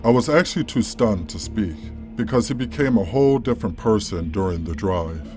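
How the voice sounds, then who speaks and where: Brief: male narrator, lowish voice, calm measured reading over faint music. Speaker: story narrator. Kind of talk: scripted narration of a horror story. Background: faint background music.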